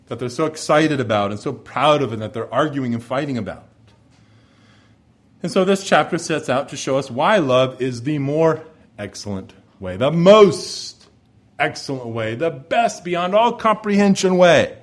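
A man's voice: medium pitch, sing-song, moderate pace. A man preaching an expository sermon, emphatic, repeating key phrases and acting out what his listeners might say. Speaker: pastor.

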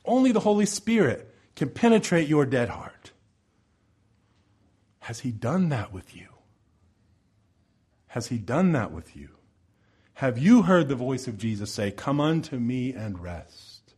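A male pastor preaching a sermon in a church over the sound system, impassioned, swinging between loud pleading and soft low asides. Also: big pitch swings, unhurried, pauses often, husky. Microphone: church sound system microphone.

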